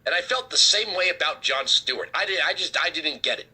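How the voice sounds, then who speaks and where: Male talk host, high and sharp-toned, husky, ranting with sarcasm. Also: lively intonation, fairly quick. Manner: heated, sarcastic, emphatic. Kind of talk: political commentary rant.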